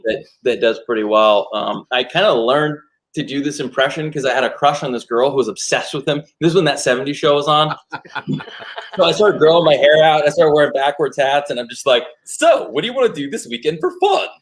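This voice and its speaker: A man's voice: fairly high pitch, a little fast, poor audio. A man guest on a talk show, chatting casually and jumping into bits and voices. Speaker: guest impressionist and actor.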